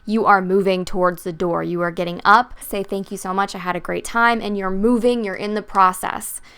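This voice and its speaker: A woman's voice: mid-range voice, steady tone, normal speed, a bit bright, smooth. A young woman hosting a podcast, talking casually and candidly, swearing freely as she tells a story and gives advice. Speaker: podcast host.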